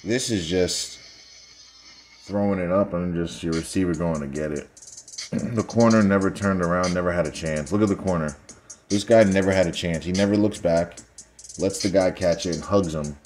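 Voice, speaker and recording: Man, low voice, young adult, casual football breakdown, sarcastic, analytical, faint background music. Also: moderate pace, darkish tone. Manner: sarcastic, analytical, addresses viewers directly. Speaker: football video commentator. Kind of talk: casual play-by-play breakdown of highlights.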